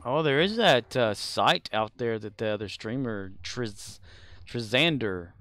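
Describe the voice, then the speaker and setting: A man's voice: mid-range voice, animated, a little slow, a bit bright, no echo. A man streaming a game live, chatting casually and playfully with his chat. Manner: playful, puts on silly character voices.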